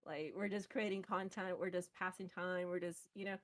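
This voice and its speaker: A young woman guest on a podcast, telling a story in a casual, animated way and laughing often. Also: on the low side, normal speed.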